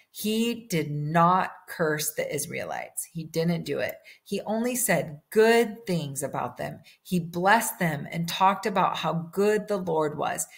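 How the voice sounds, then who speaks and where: A woman telling a Bible story to children as a church lesson, animated and full of questions to her young listeners. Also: lowish voice, vocal fry.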